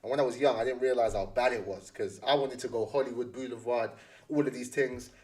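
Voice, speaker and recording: A man's voice: medium pitch, fairly even intonation, brisk, a little mellow, distant mic. A young man chatting casually, full of slang and repeating his phrases as he rambles. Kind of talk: casual chat.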